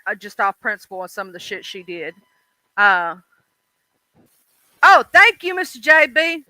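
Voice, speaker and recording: Male livestream host, very high bright voice, emphatic and slangy, dry close sound. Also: clear, resonant tone, no room sound, low-quality recording. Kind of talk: casual livestream chat.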